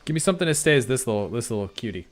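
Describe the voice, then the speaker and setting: A man's voice: mid-range voice, sing-song, racing, faint music behind. A young man streaming live, chatting casually in a self-deprecating way and often restarting his sentences. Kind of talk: casual livestream chat.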